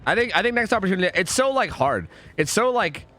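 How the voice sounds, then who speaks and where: Lively young male game streamer. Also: sits high, fast talker. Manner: rambling, swears a lot, swings between groans and excited outbursts. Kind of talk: live gameplay commentary.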